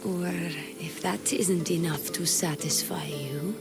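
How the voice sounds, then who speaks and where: Sultry flirty priestess, slow teasing talk, game music behind. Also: female voice, medium pitch, animated. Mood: flirtatious. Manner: sultry, teasing, slips into breathy whispers. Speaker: game character. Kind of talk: video game voice acting.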